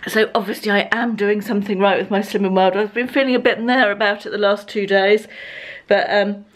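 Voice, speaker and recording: A woman's voice: mid-range voice, steady tone, a little fast. An English woman in her fifties chatting through her day in a rambling, self-mocking daily vlog, filmed on a handheld camera in her car and at home. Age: 50s. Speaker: lifestyle vlogger. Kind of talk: casual daily vlog chat.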